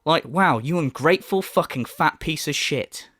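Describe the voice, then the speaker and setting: A man tears into his subject in a furious, foul-mouthed commentary. His voice sits high and swings wildly in pitch. The sound is dry, with no room behind it. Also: expressive, moderate pace, fairly bright tone, no echo. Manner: angry, profane, mocking. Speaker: commentary youtuber. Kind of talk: ranting commentary.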